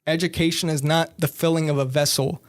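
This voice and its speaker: A man talks in a casual podcast chat, measured and reflective. His voice sits a little high for a man, and he takes his time with each thought. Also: fairly even intonation.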